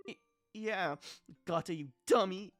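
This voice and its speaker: A man voicing a timid young girl who is gentle and caring and talks softly with hesitant stammers. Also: high voice, a little slow, faint music behind, voice pushed up. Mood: tearful.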